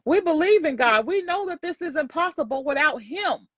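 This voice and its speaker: A woman host with a fairly high voice, preaching her point with emphatic repetition. The sound is dull and lo-fi, yet close and dry with no room around it. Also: animated, normal speed, fairly bright tone, no room sound. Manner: emphatic, preachy, repeats lines for effect. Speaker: host and sales coach. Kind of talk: motivational faith talk.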